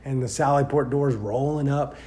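A man who works as a deputy, telling a story in a casual, rambling way with many fillers and growing loud and animated as he goes. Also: mid-range voice, normal speed. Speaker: sheriff's deputy.

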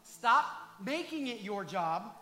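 A male pastor preaching a passionate sermon, at times rising to shouts and talking directly to the congregation. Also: high voice, very animated, slow pace, reverberant.

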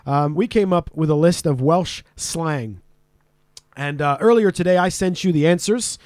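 Podcast host, young man from Canada, higher voice, dry close sound, loose and profane. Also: a little slow, darkish tone, no room sound. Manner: loose, swearing, laughing host. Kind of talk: casual podcast banter.

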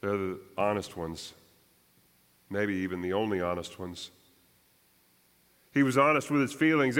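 Pastor guy preaching slow, lines trailing off soft, big echoey church hall. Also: lowish voice. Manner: slow, measured preaching that drops soft at line ends. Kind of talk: sermon.

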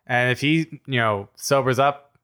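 A man's voice: mid-range voice, a little slow, fairly bright tone, smooth, lightly acted. A man voicing a no-nonsense female tavern keeper, firm and matter-of-fact. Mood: stern.

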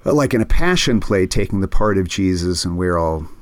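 A man's voice: deep voice, animated, a little fast, dry recording. A man co-hosting a podcast, explaining his reasons thoughtfully in casual chat. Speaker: podcast co-host.

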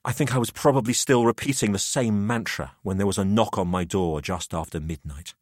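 A man narrating a macabre tale in the first person, expressive and dramatic. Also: on the low side, fairly quick, no echo, clean studio sound. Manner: expressive, rising to frantic shouts in dialogue.

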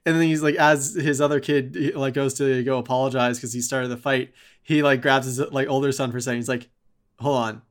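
A young man in casual movie chat, excited and full of "like" and "dude". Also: mid-range voice, a little fast, few pauses. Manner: excited, filler-heavy, says dude and like.

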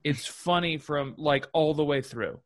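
A man's voice: a little high, a little slow. A man co-hosting a casual comedy podcast, talking enthusiastically and rambling with lots of restarts and fillers. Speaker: podcast co-host. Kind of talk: casual chat.

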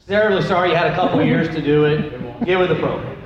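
A man's voice: on the high side, fast, crowd noise. A man, a pastor, teaching a Bible class in a casual, joking way and asking the class questions. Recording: echoey hall, dull lo-fi sound, faint noise.

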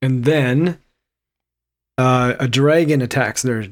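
A man co-hosting a casual podcast, relaxed and joking. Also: medium pitch, slow pace. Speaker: podcast co-host.

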